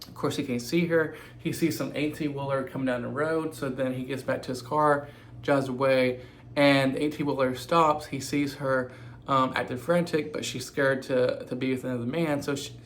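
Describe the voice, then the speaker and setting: Male storyteller with an average-pitched voice, relaxed and halting, stopping to correct himself; slight room noise. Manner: halting, many "um" fillers and self-corrections. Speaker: true crime storyteller. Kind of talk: casual spoken retelling.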